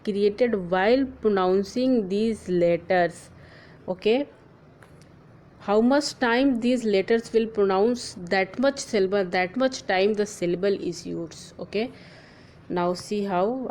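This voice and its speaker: A woman teacher giving a grammar lesson, spelling letters out slowly and often checking in with "clear?" and "okay". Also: medium pitch, a little mellow, rough recording.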